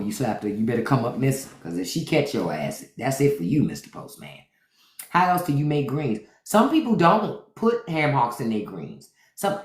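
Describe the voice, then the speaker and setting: A man's voice: medium pitch, reverberant. A man from Washington, D.C., a podcast host, riffing and swearing freely in casual livestream chat. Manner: animated, profane riffing.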